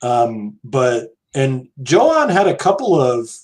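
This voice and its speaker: Speaking slowly, an American man with a mid-range voice swoops wildly up and down in pitch. He is co-hosting a podcast, keeping things chatty and casual while digressing and hedging.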